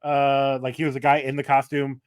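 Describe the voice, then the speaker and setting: A man's voice: mid-range voice, completely flat delivery, a little fast, clear, resonant tone, no echo, clean studio sound. A man co-hosting a casual movie-review podcast, telling rambling stories and correcting himself as he goes. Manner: rambling, self-correcting storyteller. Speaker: podcast co-host.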